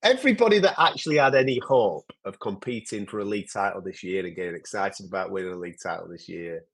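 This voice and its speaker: A man's voice: deep voice, quick pace, gravelly. A man hosting a sports podcast, bantering casually and swearing freely. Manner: banter, swearing, lively teasing. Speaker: podcast host. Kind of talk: casual chat.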